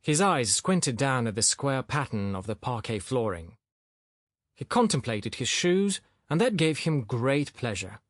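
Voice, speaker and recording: Expressive male audiobook narrator. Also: mid-range voice, a little slow, no room sound, studio quality. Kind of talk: scripted narration.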